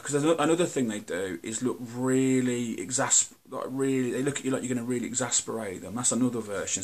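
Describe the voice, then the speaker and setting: A British man talking to camera in a candid, earnest monologue, blunt and halting, often restarting his sentences. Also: mid-range voice. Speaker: video host.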